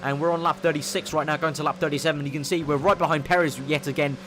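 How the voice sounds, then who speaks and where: A man's voice: a little high, fast, noisy background. Eager young man commentating a racing game. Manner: eager play-by-play, excitable when overtaking. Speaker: gaming commentator.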